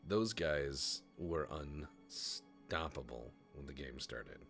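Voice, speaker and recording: A man hosting a casual gaming session, joking around, swearing, and breaking into animated asides. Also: a bass voice, slow, soft background music. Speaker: host of a gaming show.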